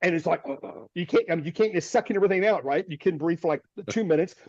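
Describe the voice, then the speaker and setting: A man's voice: high voice, fast, dry recording. A man, a storm chaser guest, telling a story vividly, with restarts and short nervous laughs, over a video call. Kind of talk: animated storytelling. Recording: dull, dry, lo-fi audio.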